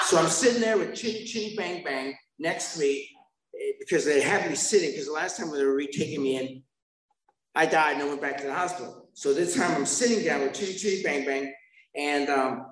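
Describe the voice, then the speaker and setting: A man's voice: on the high side, roomy sound, poor audio. A man sharing his recovery story at a meeting, rambling and self-mocking, with asides to the listeners.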